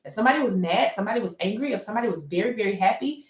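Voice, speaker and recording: A woman telling her personal story during a livestream, reflective and searching for words, with many pauses and restarts. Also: mid-range voice, animated. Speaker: painter livestreaming. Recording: roomy echo.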